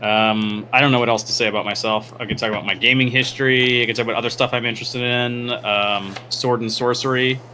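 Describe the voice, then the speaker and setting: A man's voice: mid-range voice, fairly even intonation, quick pace, hardly any pauses, bright, forceful tone, a little hiss or hum. A man introducing himself as a player on a game stream, rambling with many fillers. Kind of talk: casual self-introduction.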